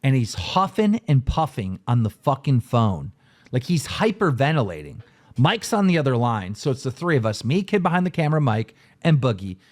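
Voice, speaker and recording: A man's voice: medium pitch, moderate pace. A man on a podcast telling a story with lots of swearing, acting out what others said. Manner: excitable, swearing, acts out quotes. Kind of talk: animated storytelling with profanity.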